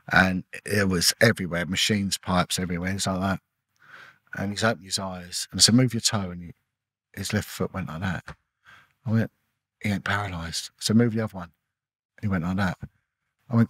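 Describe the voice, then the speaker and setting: Speaking in a low but fairly bright voice with a slight roughness, a middle-aged ex-detective shares a personal, emotional story as a podcast guest. He's intense and repetitive, acting out quoted dialogue, and there's no echo.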